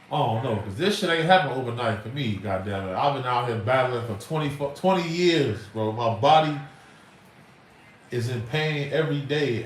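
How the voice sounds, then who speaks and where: A middle-aged man, hosting a livestream in an emphatic, rambling, slangy way. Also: medium pitch. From Chicago. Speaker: livestream host. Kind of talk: casual livestream talk. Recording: roomy echo, far from mic, faint noise.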